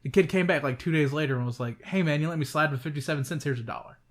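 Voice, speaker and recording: A young man co-hosting a podcast, his voice sitting a little on the high side. He tells work stories in a loose, profane, animated way, ramping up as he goes. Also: rapid-fire. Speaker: podcast co-host. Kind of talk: casual chat.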